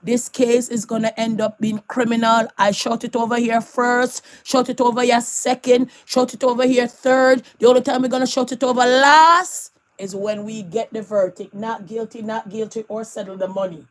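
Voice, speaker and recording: A woman's voice: on the high side, steady tone, moderate pace, few pauses. Sassy woman dishing gossip. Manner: sassy, laughs often between remarks. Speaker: vlogger. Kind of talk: celebrity gossip commentary.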